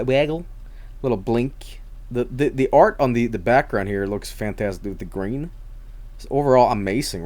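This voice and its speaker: A man streaming, chatting casually and rambling with many restarts and plenty of swearing. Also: mid-range voice.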